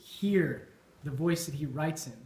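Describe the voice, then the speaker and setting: Speaking at a measured pace, this man gives a casual after-dinner toast at a Burns supper, pausing on ums and restarting his sentences as he thinks aloud. He has a fairly high, darkish voice, and the recording carries the echo of a dining hall.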